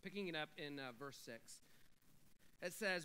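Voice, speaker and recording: A male pastor preaching a sermon, talking through scripture and building to loud, emphatic declarations. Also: on the high side, measured pace, long pauses, clear, resonant tone, rough recording.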